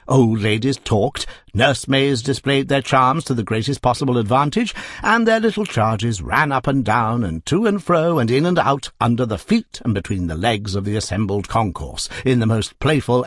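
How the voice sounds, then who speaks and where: A man narrating a classic novel in an expressive, measured storytelling manner. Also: medium pitch, breathy edge, dry recording, clean studio sound.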